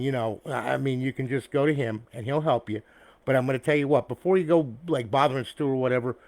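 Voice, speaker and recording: Here the rambling console builder speaks at a medium pitch, captured dry and close with no echo through an external mic that replaces the camera's own. Talking casually to camera about a finished build, he checks in with "okay?" and "all right?" after almost every point. He's blunt, profane, and buddy-like with his audience.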